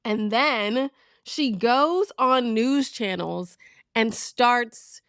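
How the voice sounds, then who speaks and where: A woman from Virginia hosting her own talk show, telling news stories in a frank, animated way and laughing as she goes. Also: fairly high pitch, drawn-out words, smooth, dry recording, clean studio sound. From Virginia, USA. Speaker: show host. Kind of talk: casual talk-show commentary.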